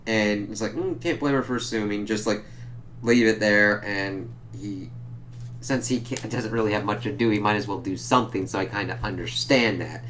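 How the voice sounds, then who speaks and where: A man casually recapping a comic book issue, loose and profane, jumping up in pitch whenever he quotes a character. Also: normal speed, a bit bright, slight background noise. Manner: loose and profane, jumps higher when quoting characters.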